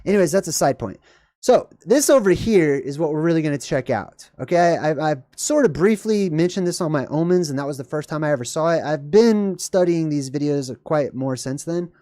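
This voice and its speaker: A livestream host giving rambling, digressive reaction commentary, laughing often and jumping suddenly up in pitch. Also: animated, brisk, mellow, no echo, clean studio sound.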